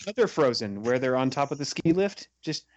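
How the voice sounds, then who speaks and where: A man co-hosting a casual podcast about movies, animated and quick to act out scenes in funny voices. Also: mid-range voice. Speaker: podcast co-host.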